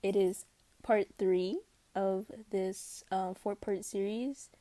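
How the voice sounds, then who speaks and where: A woman's voice: mid-range voice, fairly even intonation, slow pace, warm tone, dry recording. A young woman reading a fanfic aloud and chatting with viewers, laughing often and breaking off for asides. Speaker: fanfic reader.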